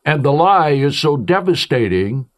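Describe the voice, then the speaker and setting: An emphatic male preacher delivering a sermon. His pitch rises and falls a great deal as he declaims, and his delivery is slow and deliberate overall. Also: sing-song.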